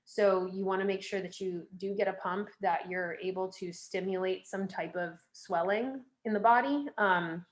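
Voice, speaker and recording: A young woman guest on a podcast, talking casually with lots of fillers and giving direct advice. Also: lowish voice. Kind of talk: casual interview chat.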